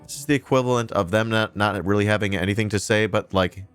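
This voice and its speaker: A male streamer with a lowish voice reacts to a news clip, sarcastic and indignant, swearing now and then. Soft music plays faintly under his talk. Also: fairly even intonation, quick pace, smooth. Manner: sarcastic, indignant, with crude asides. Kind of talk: casual live-stream commentary.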